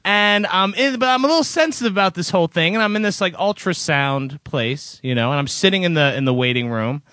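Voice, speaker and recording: Male podcast co-host, somewhat high and very lively voice, sheepish storyteller, dry close recording. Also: a little fast, no echo. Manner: embarrassed, self-deprecating storyteller. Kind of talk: casual podcast banter.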